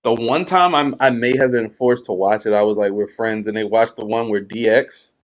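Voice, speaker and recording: A man's voice: on the low side, normal speed, dull audio. A man on a wrestling podcast, ranting in casual chat, blunt and profane and exasperated.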